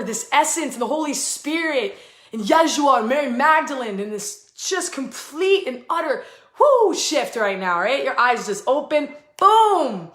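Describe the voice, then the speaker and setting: A woman hosting a live spiritual channeling session, fast and emphatic, with swearing, and breaking into chanted invented syllables. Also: high voice, sharp tone. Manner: fast, emphatic and effusive, with profanity; chants stretches of made-up syllables. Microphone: live online video stream. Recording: echoey room.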